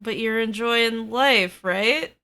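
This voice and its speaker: A woman's voice: fairly high pitch, slow pace, pushed and bright. A woman, the dungeon master of a tabletop game, chatting casually with her players in a rambling way, full of fillers. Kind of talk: casual chat.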